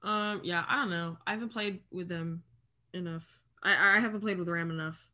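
Bright-voiced young woman chatting casually. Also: on the low side. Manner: chatty, rambling with fillers and quick laughs. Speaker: podcast co-host. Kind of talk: casual chat.

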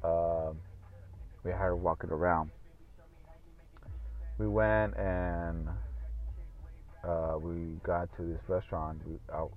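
A deep-voiced man hosts a podcast alone, speaking slowly and flatly with frequent pauses. The talk is loose and profane, packed with fillers, and the recording has a tinny, phone-like quality.

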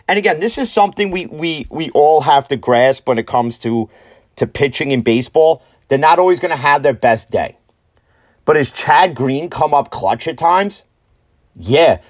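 A man hosting an opinionated sports talk show, ranting bluntly and swearing freely. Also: mid-range voice. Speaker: sports podcast host.

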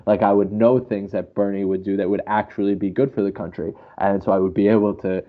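A man chatting casually and telling animated, laughing stories. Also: fairly low pitch, a little fast, hardly any pauses. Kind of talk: casual chat. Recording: dull lo-fi audio.

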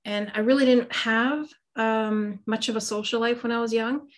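A woman's voice: on the high side, fairly even intonation, normal speed. A middle-aged woman, a guest on an interview, chatting about her life in a casual, self-deprecating way with lots of fillers. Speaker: guest, psychic medium and Reiki master.

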